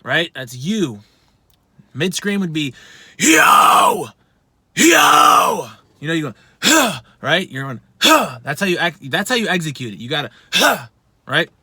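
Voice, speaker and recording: A man's voice: on the high side, expressive, fairly quick, sharp tone, no echo. A man giving a casual vocal lesson, talking bluntly with plenty of swearing and poking fun at himself. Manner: blunt, profane, self-deprecating. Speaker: vocal instructor.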